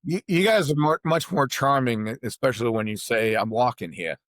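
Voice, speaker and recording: A man with a Boston accent, a golf coach explaining ideas in an animated way on a podcast over a video call. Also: mid-range voice, brisk, no echo. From Boston area, USA.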